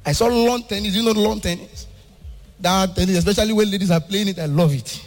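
A young Nigerian man from Ibadan works a live crowd, his high voice jumping from shouted outrage to playful sing-song. His Nigerian accent rings through a hall with a long echo, and faint music sits under his act. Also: fairly quick. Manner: animated, switches between shouting and sing-song delivery. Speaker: stand-up comedian. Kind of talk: stand-up comedy.

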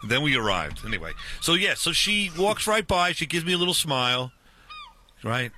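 Bright-voiced man telling an animated story. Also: a little high, normal speed, slight background noise. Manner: animated, restarts, acts out dialogue. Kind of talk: casual storytelling chat.

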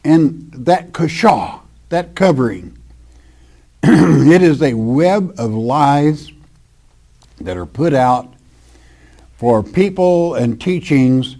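A man's voice: on the high side, animated, very slow, pauses often, dark tone. An older man preaching a sermon, reading scripture aloud and stressing points emphatically. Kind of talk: sermon, Bible teaching.

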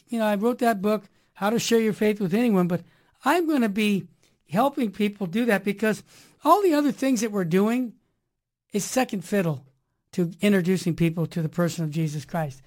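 A woman hosting a religious talk radio show in an emphatic, preachy monologue full of rhyming slogans. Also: on the high side.

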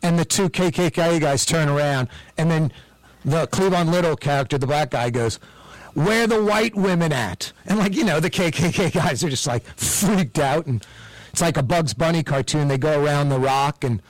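A man's voice: on the high side, moderate pace, no room sound, low-quality recording. A man hosting a casual chat, rambling and musing as he talks, aware of how his words come across.

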